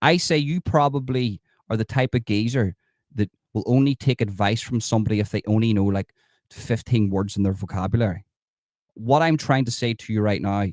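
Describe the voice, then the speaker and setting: A man's voice: fairly low pitch, darkish tone, no room sound, studio quality. An Irish man hosting a livestream, talking emphatically to his viewers and reading out the chat, with plenty of repetition. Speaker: livestream host.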